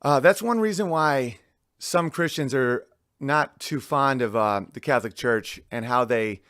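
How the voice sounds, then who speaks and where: A man's voice: mid-range voice, unhurried, a bit bright, no echo, clean studio sound. A man hosting a casual monologue, rambling with frequent restarts, with faint music in the background. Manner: rambling, restarts often, sings lyric snippets. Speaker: podcast host.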